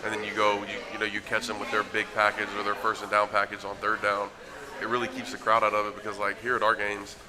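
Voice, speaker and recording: Chatty young man, low voice. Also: monotone, fast talker. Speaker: football player guest. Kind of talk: casual live show interview. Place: busy restaurant with crowd chatter. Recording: live event with crowd noise.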